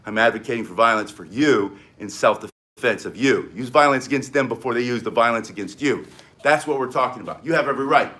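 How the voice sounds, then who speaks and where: An older American man with an excitable, energetic manner, teaching self-defense in a live-streamed martial arts lesson and barking short emphatic commands. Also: medium pitch, fairly quick. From United States. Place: home in South Florida.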